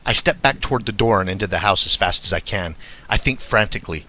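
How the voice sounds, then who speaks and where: A man reading a first-person witness account aloud in a steady, measured way. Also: on the low side. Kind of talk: scripted first-person narration.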